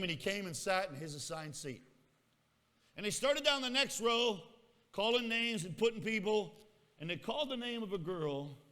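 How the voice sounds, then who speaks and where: A man's voice: high voice, a bit bright. A male pastor telling a story in a sermon in a folksy manner, teasing his congregation. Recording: echoey hall reverb.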